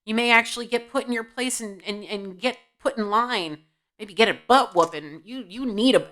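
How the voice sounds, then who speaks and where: A woman's voice: medium pitch, brisk, sharp tone. A woman giving an intuitive spiritual reading at home, blunt and scolding, asking her guides questions and answering herself. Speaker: intuitive reader. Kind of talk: tarot-style spiritual reading to camera. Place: home, indoors.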